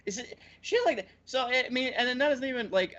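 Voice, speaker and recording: A man hosting a podcast, recapping a story in casual chat with lively, stop-and-start storytelling. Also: very high-pitched. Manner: animated storytelling with frequent restarts. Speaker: podcast host. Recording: slightly muffled lo-fi audio.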